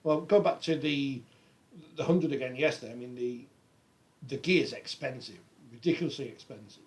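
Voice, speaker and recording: A man's voice: mid-range voice, normal speed. An English man co-hosting a rugby league podcast, chatting casually and reading out viewer comments. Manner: reads viewer comments aloud, conversational. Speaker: podcast co-host. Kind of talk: casual panel chat.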